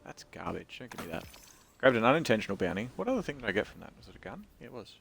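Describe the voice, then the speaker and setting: A man's voice: lowish voice, very animated, very fast, creaky, fairly bright tone, slight background noise. A man streaming a video game, joking, rambling and reading game text aloud in casual commentary.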